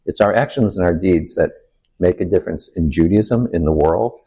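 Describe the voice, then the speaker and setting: An older man, a rabbi, telling stories in a relaxed interview, quoting people and asking rhetorical questions. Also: deep voice, moderate pace, breathy edge, muffled recording. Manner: animated anecdote-teller who quotes people and asks rhetorical questions. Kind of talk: storytelling in a casual interview.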